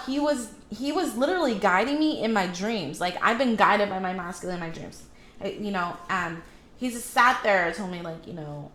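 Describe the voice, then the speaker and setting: A woman's voice: medium pitch, normal speed, fairly bright tone. A woman tarot reader talking casually, rambling with many fillers and self-corrections as she gives spiritual advice. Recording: echoey room with faint ambience.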